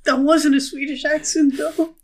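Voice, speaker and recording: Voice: sits high, little pitch movement, moderate pace. A co-host of a film podcast, chatting casually with short, dry replies. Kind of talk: casual chat.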